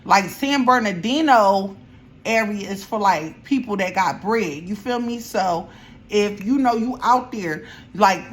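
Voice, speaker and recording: A young woman vlogger chatting through a storytime while she does her makeup, animated and slangy. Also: medium pitch, slight background noise.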